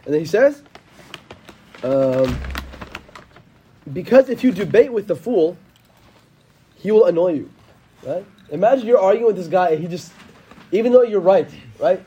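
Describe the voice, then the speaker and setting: A man giving a casual, slangy religious talk, animated and quick to quote Arabic scripture. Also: sits high, dull audio, slight background noise.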